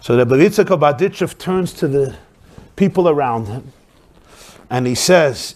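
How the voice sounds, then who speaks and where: A man's voice: a little high, expressive, measured pace, pauses often, darkish tone. A man telling a story to an audience in an emphatic manner, using Yiddish expressions.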